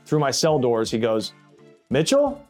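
A man's voice: mid-range voice, moderate pace, soft background music. Blunt man telling a prison story. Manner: blunt, plainspoken, casual with swearing; acts out others' voices in quotes. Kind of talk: first-person storytelling podcast.

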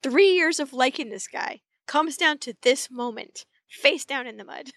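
A woman co-hosting a podcast, casually recapping a TV episode and acting out character lines with lively energy. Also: sits high, unhurried, no echo. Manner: animated retelling, acts out character lines. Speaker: podcast co-host.

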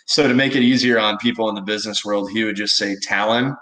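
A young man from Texas, a guest telling stories in a relaxed, casual interview, with many fillers. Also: lowish voice, quick pace, low-quality recording. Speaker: guest, baseball pitcher.

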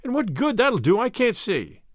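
A cowardly, trembling male deputy, as a male storyteller puts him on, whining and whimpering in a lively, raised voice. The recording is dry and close, with no room sound. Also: high-pitched, moderate pace, no room sound, pitched above the performer's own voice.

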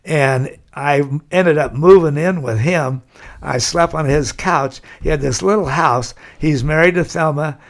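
Gravelly older man telling stories. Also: on the high side, unhurried. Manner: rambling anecdotal storytelling, with frequent "kinda" and "you know". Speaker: interview guest. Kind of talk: storytelling.

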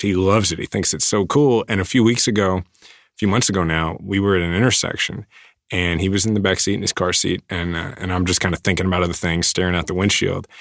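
A man in his thirties, a guest in a casual interview, speaking earnestly with many halting restarts. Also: deep voice, a bit bright, no echo, studio quality.

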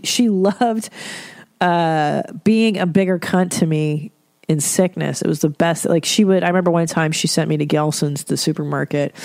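Low, gravelly woman swearing through a podcast. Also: darkish tone, dry recording. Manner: blunt, profane, rambling storyteller. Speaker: podcast host. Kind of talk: casual solo podcast monologue.

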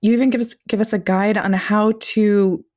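Host: woman, mid-pitch voice, warmly complimentary toward her guest. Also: steady tone, moderate pace. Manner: appreciative, complimentary. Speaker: interviewer. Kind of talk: interview conversation.

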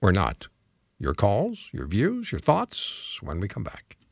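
A man hosting a call-in talk radio show, taking calls and reading listener emails aloud in a brisk, firm manner that pushes back on callers. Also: lowish voice, huge pitch swings, vocal fry, a little mellow, breathy edge, dry recording. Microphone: studio microphone. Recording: dry, slightly dull studio sound.

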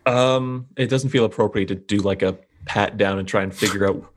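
A man playing a tabletop game, joking in a deadpan way. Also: lowish voice, moderate pace. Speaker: player.

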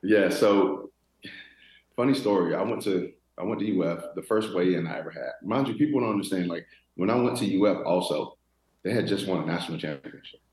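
A man in his thirties, a former football player from Florida, telling stories in a relaxed interview with many restarts. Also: sits low, a little fast, reverberant, rough recording. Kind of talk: casual interview talk.

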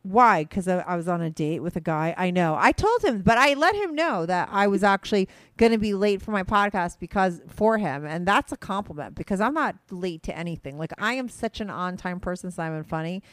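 A woman hosting a podcast in casual chat, talking fast and rambling, excited and hyper after a date. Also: fairly low pitch, no room sound, studio quality. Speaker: podcast host.

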